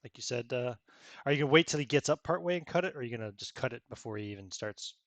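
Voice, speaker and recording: A man's voice: medium pitch, expressive, very fast, no echo. A man running a tabletop role-playing game, narrating in a casual, laid-back way and laughing often. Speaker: game master.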